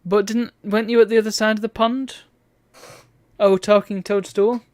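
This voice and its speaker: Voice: medium pitch, little pitch movement, moderate pace, no echo. Streamer, wry game commentary, reads on-screen text aloud, chatty. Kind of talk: let's play commentary.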